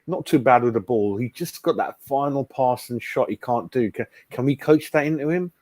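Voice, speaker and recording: A man's voice: mid-range voice, moderate pace, a little mellow, no room sound. A man hosting a casual fan live stream, chatting bluntly and calling everyone mate. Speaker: fan channel host.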